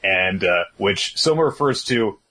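A man with a husky, slightly rough voice talks slowly and unhurriedly in a casual podcast chat. His delivery is lively and swings up and down in pitch. He rambles along with frequent fillers and chuckles. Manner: laid-back, rambling with many fillers and chuckles. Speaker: podcast co-host.

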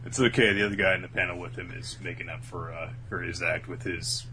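A man's voice: deep voice, flat delivery, fast talker. A man dropping wry, joking asides in a casual podcast chat. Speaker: podcast co-host. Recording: noisy background.

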